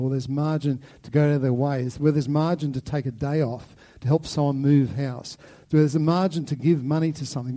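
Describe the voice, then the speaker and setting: A man's voice: fairly high pitch, mellow. A man preaching a sermon with passion, often repeating words as he drives a point home. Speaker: pastor.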